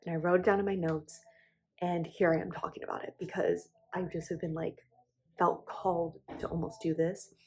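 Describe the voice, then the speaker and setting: A woman's voice: lowish voice, steady tone, normal speed, a little mellow, slight background noise. A young woman speaking candidly to her channel in a personal confessional vlog, emotional and close to tears, with frequent restarts and fillers. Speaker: vlogger.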